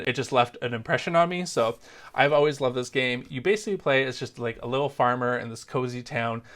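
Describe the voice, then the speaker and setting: A man's voice: medium pitch, fairly bright tone. Chatty man vlogging about crafts. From Canada. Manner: chatty, self-deprecating, jokey asides. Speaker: crochet vlogger. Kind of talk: casual vlog chat.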